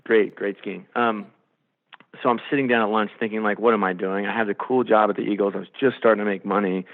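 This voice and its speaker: Gravelly low guy telling stories on a podcast, sounds like a phone call. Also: quick pace. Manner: animated storyteller, acts out quotes. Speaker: sports executive guest. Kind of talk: storytelling in a podcast interview. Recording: phone-line quality.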